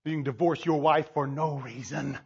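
Man, high voice, preaching, sermon, quiet to shouting, laughs, muffled lo-fi sound. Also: steady tone, moderate pace, gravelly, slightly rough. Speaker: pastor.

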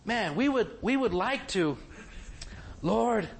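A man's voice: on the high side, measured pace, husky. A man preaching a sermon, asking his listeners question after question. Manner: animated, asks the congregation many questions.

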